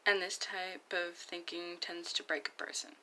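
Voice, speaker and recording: A young woman reading fan comics aloud and chatting about them in an earnest, casual way. Her voice is bright and clear, set a little low. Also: level tone, normal speed, poor audio. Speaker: fan comic dub reader.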